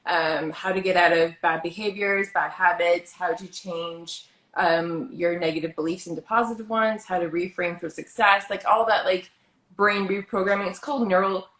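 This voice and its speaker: A woman's voice: lowish voice, fairly even intonation, normal speed, a bit bright. A woman hosting a casual chat, talking in a chatty, upbeat way and filling her sentences with "like.". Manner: chatty, many "like" fillers, upbeat. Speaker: host. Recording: roomy echo.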